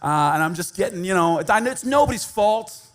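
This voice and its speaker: A man's voice: high-pitched, lively intonation, brisk, a bit bright. A male pastor telling a personal story in a conversational sermon, self-deprecating and laughing at himself.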